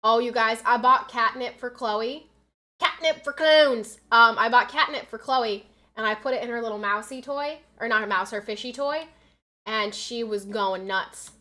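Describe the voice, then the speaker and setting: A young American woman streams a game, chatting casually and reading the chat aloud, then getting loud and frantic when fights break out. Her voice is on the high side, with fairly even intonation at a normal pace.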